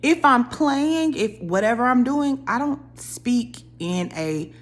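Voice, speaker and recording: A young woman holds forth on a reality series in a casual, opinionated rant. Her delivery is animated, and her voice leaps up sharply whenever she acts out what someone else said. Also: on the high side, slow. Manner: animated, opinionated, dramatic voice jumps when quoting people. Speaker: reality TV commentator.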